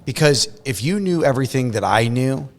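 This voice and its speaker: A man's voice: mid-range voice, expressive, a little fast. A man hosting a podcast, talking casually and rambling, with lots of restarts and fillers. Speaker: podcast host. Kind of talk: casual conversation.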